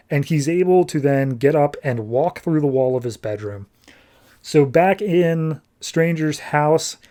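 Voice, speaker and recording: A man hosting a podcast, casually recapping a comic book and voicing the characters' lines as he goes. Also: mid-range voice. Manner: animated retelling with quick voiced asides for characters. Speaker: podcast host.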